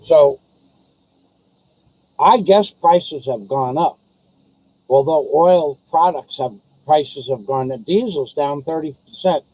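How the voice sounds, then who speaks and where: A man vlogging in a rambling, casual monologue, telling stories and quoting people as he grumbles about high prices and masks. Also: takes it slowly, pauses often, a little mellow, dry recording, low-quality recording.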